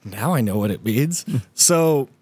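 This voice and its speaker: A man's voice: mid-range voice, animated, measured pace, a little mellow, slightly rough, no echo. A young man animatedly telling a funny story as a podcast host, laughing often and swearing. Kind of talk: casual storytelling.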